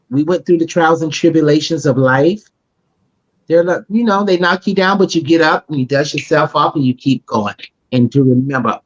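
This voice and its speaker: A woman's voice: sits low, moderate pace. Trans woman guest, heartfelt and faith-driven storytelling, dull lo-fi audio. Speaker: podcast guest, pageant titleholder. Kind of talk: casual podcast conversation.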